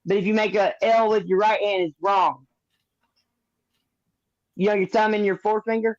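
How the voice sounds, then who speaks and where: A man's voice: high voice, steady tone, normal speed, no echo, dull audio. A man in a casual live chat who explains things at length and swears casually.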